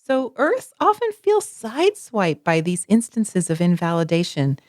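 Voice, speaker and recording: A woman's voice: mid-range voice, huge pitch swings, a little slow, a little mellow, dry recording, studio quality. A woman co-hosting a podcast, talking expressively in casual chat and acting out little quotes. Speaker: podcast co-host.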